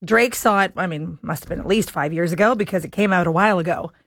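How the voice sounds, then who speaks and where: A woman hosting a radio show in casual chat, tossing out quick joking asides. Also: on the low side, a bit bright, dry recording. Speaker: radio host.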